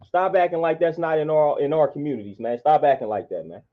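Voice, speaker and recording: A man's voice: on the high side, quick pace. A man, delivering an impassioned monologue in a preachy, repetitive, emphatic way. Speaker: vlogger. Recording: dull lo-fi sound.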